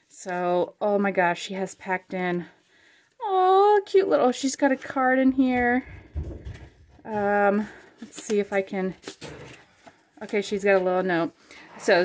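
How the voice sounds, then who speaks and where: A woman hosting a casual crafting vlog, unboxing supplies with chatty, gushing excitement and frequent fillers. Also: medium pitch. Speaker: craft channel host.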